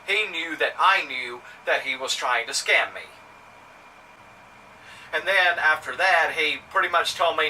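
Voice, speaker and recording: A man's voice: a little high, unhurried, pauses often, pushed and bright. A man from Mississippi with a Southern accent, telling a story to camera in a rambling, indignant way, with lots of fillers and restarts. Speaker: vlogger. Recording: somewhat distant mic with faint ambient noise.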